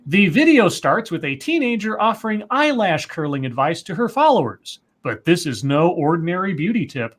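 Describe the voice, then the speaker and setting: Man, high voice, very animated pitch, reads news aloud on a stream, corrects himself, adds asides. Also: normal speed, few pauses. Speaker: co-host. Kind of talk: reading news stories aloud with commentary. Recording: livestream.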